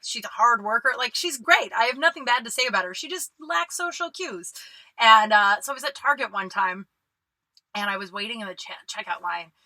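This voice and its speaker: A woman's voice: mid-range voice, sharp tone, dry recording, rough recording. A young woman hosting a solo podcast, telling a rambling, profane, self-mocking story with many fillers, recorded in a small closet. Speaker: podcast host.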